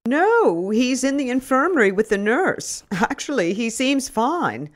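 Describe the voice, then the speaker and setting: A woman's voice: fairly high pitch, very animated, unhurried, voice pushed up. A woman voicing a flustered school headmistress who is hesitant on the phone.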